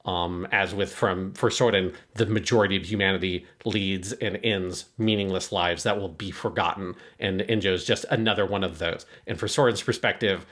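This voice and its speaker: A man's voice: low-pitched, steady tone, normal speed, hardly any pauses, fairly bright tone. A man co-hosting an anime review podcast, explaining story concepts at length in a loose, filler-heavy way. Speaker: podcast co-host. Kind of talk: casual analytical discussion.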